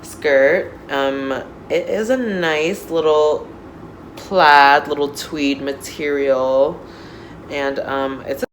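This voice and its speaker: A woman in her thirties chatting casually through an unboxing, gushing and excitable, with lots of fillers, recorded on a phone. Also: sits low, extremely slow, slight background noise, rough recording. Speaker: doll unboxing vlogger. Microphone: phone camera.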